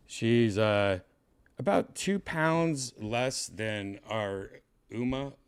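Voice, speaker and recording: A man's voice: mid-range voice, animated, very slow, clear, resonant tone. A man hosting a casual home vlog, rambling in a laid-back way while showing his cats in a room at home. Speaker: host showing his pets.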